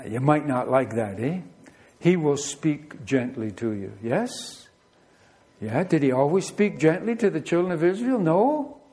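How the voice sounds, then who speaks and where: A man's voice: a little high, animated, measured pace, mellow. A middle-aged man, preaching a sermon in a conversational, storytelling way full of rhetorical questions. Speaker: pastor.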